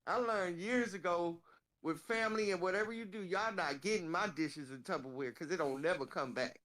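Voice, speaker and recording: A woman co-hosting a casual chat, telling animated, profane stories and laughing through them. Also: fairly low pitch, measured pace.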